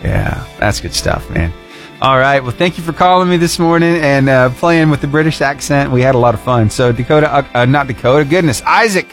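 A man's voice: medium pitch, lively intonation, fairly quick, faint music behind. A man hosting a morning radio show, goofy and upbeat, laughing often as he chats with a caller. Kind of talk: casual radio chat with a caller. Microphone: studio microphone.

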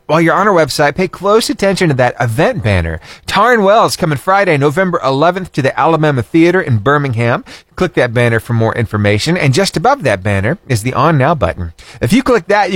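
Lively radio host man. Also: fairly high pitch, dry recording. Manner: cheerful, chuckles often, animated delivery. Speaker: radio morning show host. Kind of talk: upbeat radio call-in chat. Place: radio studio.

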